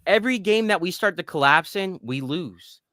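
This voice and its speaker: A man in his thirties co-hosting a casual sports podcast, telling animated stories and swearing casually. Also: high-pitched, normal speed, dry recording, clean studio sound. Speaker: podcast co-host.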